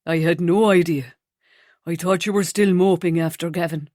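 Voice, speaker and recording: A woman narrator voicing a shy, gentle young man who speaks softly and hesitantly. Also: lowish voice, steady tone, normal speed, no echo, studio quality, lightly acted. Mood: shy, tender.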